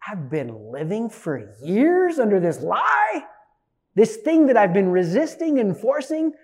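A man in his forties preaching a sermon, an animated storyteller who swings from loud bursts to hushed asides. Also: sits high, a little slow. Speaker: pastor.

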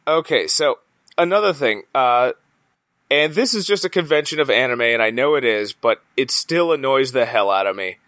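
Bright, dry-sounding man ranting jokingly. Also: medium pitch, animated, moderate pace, no echo. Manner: exasperated, swears freely, joking rants. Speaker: podcast co-host. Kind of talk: casual anime podcast chat.

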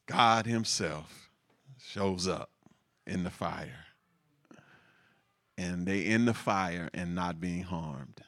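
Bright-voiced, animated male preacher. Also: low-pitched, drawn-out words, long pauses. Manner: animated, laughing asides, repeats words for emphasis. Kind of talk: sermon.

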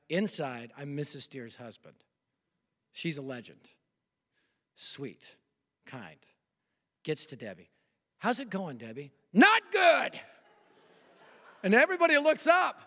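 Animated male preacher in reverberant hall. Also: on the high side, normal speed, long pauses. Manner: animated, swings from loud bursts to hushed confession. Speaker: pastor. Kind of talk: sermon with storytelling. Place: large church hall.

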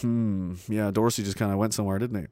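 A man hosting a livestream talk show, reading viewer messages aloud in a casual, animated and profane way. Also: on the low side, fast talker, no room sound, studio quality. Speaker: show host.

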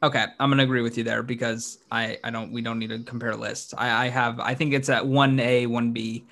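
He's an animated, quick-to-laugh man trading casual talk as co-host of a sports podcast, and excitement sends his pitch jumping higher.

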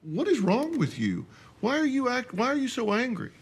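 A man playing a patient, persistent male therapist in a film comedy, calmly asking question after question. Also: extremely high pitch, moderate pace, gravelly, slightly rough, exaggerated voice. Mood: probing. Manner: calm, questioning.

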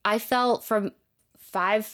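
A young woman telling a personal story in casual conversation, full of fillers and dropping softer when reflective. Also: medium pitch, fairly even intonation, extremely slow. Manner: chatty, many fillers like "like", dips to soft reflective tones. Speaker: podcast guest telling her story.

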